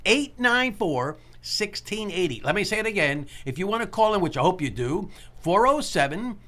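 Hosting a call-in radio talk show, a man speaks in a high, sharp voice with big pitch swings. He's earnest and motivational, slowly repeating his key points.

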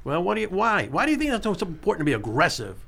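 A male radio talk show host with a bright, forceful edge and a high, very lively voice. He chats casually, repeats himself for emphasis and spells out details slowly for callers. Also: creaky. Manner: lively, repeats key points, slows down to spell out numbers.

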